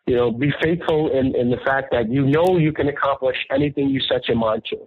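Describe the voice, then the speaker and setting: Husky New man over a phone line. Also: medium pitch, fairly quick, no room sound. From New York, the Bronx. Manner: earnest, animated storyteller. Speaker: restaurant owner, guest. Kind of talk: casual interview storytelling. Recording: tinny phone-line radio call, dry.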